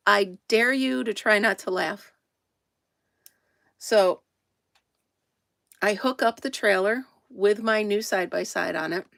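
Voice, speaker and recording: Streaming live from her camper, a woman talks casually to viewers, calling out their names and laughing a lot. She speaks slowly with a creaky, slightly bright medium-pitched voice and long pauses, in clean studio sound with no room reverb.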